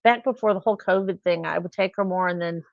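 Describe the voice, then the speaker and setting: Chatty woman telling stories, gravelly voice. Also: fairly low pitch, fast talker, no room sound. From California. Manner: chatty storytelling, acts out voices in anecdotes. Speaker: livestream host. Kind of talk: casual chat. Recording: dull lo-fi livestream sound.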